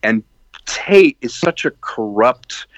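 A man, a filmmaker being interviewed, telling stories in a lively way and acting out the lines of people he quotes. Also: medium pitch, takes it slowly, dry recording. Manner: animated storyteller who acts out quoted lines. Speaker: filmmaker guest. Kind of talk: casual interview. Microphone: video call. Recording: dull lo-fi call audio.

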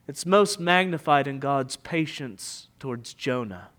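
A man preaching a sermon with passion, rising to loud emphatic peaks and falling to hushed, almost whispered lines. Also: mid-range voice, animated, a little slow, few pauses. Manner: impassioned preaching, swelling loud and dropping to near whisper. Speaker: pastor.

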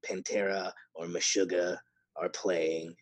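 A man chatting as a podcast guest about his brewery work in a relaxed, easygoing way. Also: low-pitched, dry recording. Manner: relaxed, easygoing, quick to laugh. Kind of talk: casual chat.

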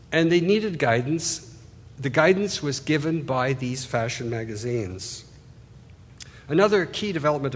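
A man giving an art history lecture, talking loosely and pointing things out on slides, often restarting his phrases. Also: mid-range voice. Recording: hall reverb, husky voice.

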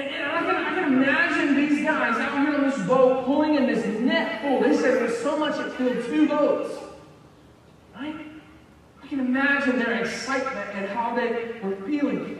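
A man preaching a sermon as pastor, telling the story in a conversational, animated way with asides to his congregation. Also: very high-pitched, moderate pace, a little hiss or hum. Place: church sanctuary. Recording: echoey hall, mic from far off.

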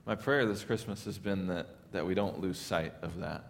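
Male pastor, low voice, earnest Christmas sermon, faint rumble behind. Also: normal speed, creaky. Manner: earnest, builds up then drops to soft emphasis.

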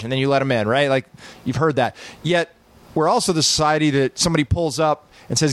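A man's voice: mid-range voice, fairly quick. A man guesting on a podcast, explaining emphatically and often checking in with "right?". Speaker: movie guest. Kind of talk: casual chat.

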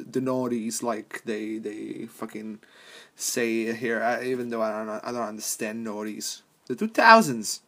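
Brief: young male podcast host, loose profane rambling, frequent laughs, mid-pitched voice. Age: young adult. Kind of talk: casual rambling monologue.

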